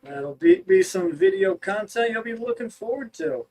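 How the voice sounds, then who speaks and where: A man's voice: extremely high pitch, big pitch swings, normal speed, creaky, darkish tone. A man co-hosting a fish rescue livestream, chatty and matter-of-fact. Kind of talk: casual livestream chat.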